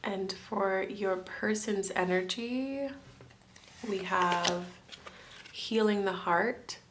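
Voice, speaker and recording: A woman's voice: mid-range voice, very slow, fairly bright tone, slight background noise. A woman from France giving a pick-a-card tarot reading, chatty and musing, often thinking aloud with fillers and restarts. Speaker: tarot reader.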